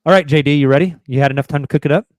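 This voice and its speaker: A man's voice: on the high side, rapid-fire, no echo. A man hosting a sports podcast, chatting casually, joking and reading sponsor spots. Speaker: podcast host. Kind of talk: casual chat.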